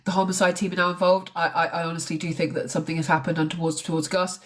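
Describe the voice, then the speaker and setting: A woman's voice: lowish voice, little pitch movement, fast talker. A woman talking casually on a live stream about a crime case, chatty and blunt, with the odd swear. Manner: chatty, swears, mocks accents.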